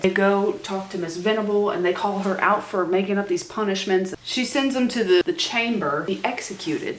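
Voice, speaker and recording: A woman's voice: mid-range voice, reverberant, far from the mic, a little hiss or hum. A young woman casually recapping a TV series; chatty, swears freely and acts out the lines. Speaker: YouTube host recapping a TV series.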